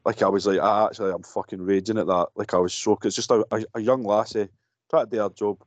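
A man's voice: lowish voice, fairly even intonation, fast, no room sound. A Scottish man co-hosting a podcast, chatting casually about a film, swearing freely and rambling as he goes. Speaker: podcast co-host. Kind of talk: casual film-review chat.

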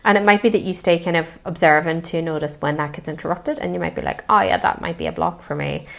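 A woman hosting a self-help podcast, talking in a gentle, searching way with many pauses and soft hedges. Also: low-pitched, steady tone, gravelly. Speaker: podcast host. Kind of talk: reflective self-help monologue.

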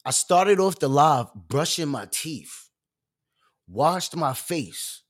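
His voice sits a little high and he talks slowly, yet he's animated, loud and expressive while hosting his own live stream, peppering it with slang and lots of fillers.

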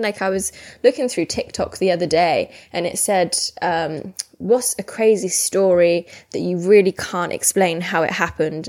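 A woman's voice: on the low side, darkish tone. Chatty young woman. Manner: chatty, rambling, frequent "like" fillers. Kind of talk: casual chat.

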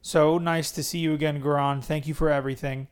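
A man's voice: on the high side, level tone, fairly quick, clear, resonant tone, close to an everyday voice. A man voicing a soothing male chauffeur with an Indian accent, from a book he reads aloud. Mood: warm farewell.

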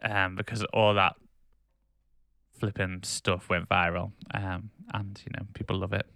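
Opinionated man, bright crisp low voice. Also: level tone, measured pace, no room sound, clean studio sound. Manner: opinionated, ranting, laughs easily. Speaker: podcast co-host. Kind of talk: casual podcast chat.

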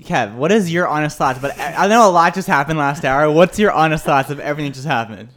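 A man hosting an uncensored chat show in a studio, telling animated stories with plenty of swearing. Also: fairly high pitch, quick pace. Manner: animated storytelling, lots of swearing. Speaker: podcast host. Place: radio studio.

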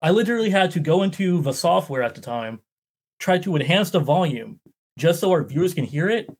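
A man, a guest on the show, telling a story in a casual, animated way with lots of "like". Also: on the high side, fairly quick, husky. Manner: animated, filler-heavy "like". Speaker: guest explorer.

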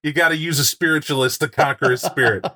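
A man chatting casually about a tabletop game, animated and acting out scenes with sound effects. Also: a little high, fast talker.

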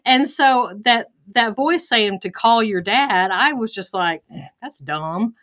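A woman with a bright, clear voice hosts a podcast and tells a story from her own life. She is candid and pokes fun at herself, acting out her own reactions as she goes. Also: fairly high pitch, animated, unhurried. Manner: candid, self-deprecating, acts out her own thoughts. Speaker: podcast host. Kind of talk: personal story in a podcast interview.

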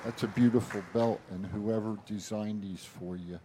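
A man in a studio chat throwing in quick, wisecracking quips. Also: lowish voice, steady tone, crowd noise, noisy background. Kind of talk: casual chat.

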